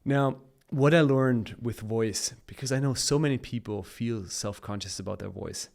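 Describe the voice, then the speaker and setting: A man's voice: medium pitch, normal speed, creaky, a little mellow. A man chatting as a guest on a casual podcast, upbeat and coaching in tone, laughing often as he talks.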